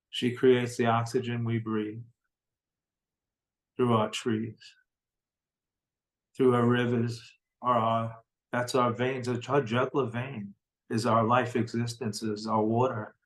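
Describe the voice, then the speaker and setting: A man's voice: mid-range voice, little pitch movement, takes it slowly, pauses often, low-quality recording. A middle-aged man, a guest in an interview, recounting a personal experience in an earnest, heartfelt way and often repeating words for emphasis. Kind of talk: personal storytelling in conversation.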